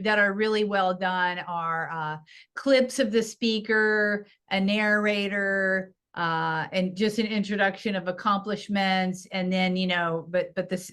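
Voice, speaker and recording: A woman's voice: mid-range voice, a bit bright, clear, resonant tone. A woman hosting a podcast interview, asking questions and giving brief supportive affirmations. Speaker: podcast host.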